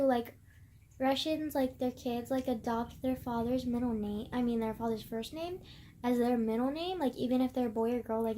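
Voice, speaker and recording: Chatty young woman with a high voice. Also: a little mellow, slight background noise. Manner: rambling, heavy filler "like", swears often. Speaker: vlogger reviewing a book. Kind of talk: casual chat.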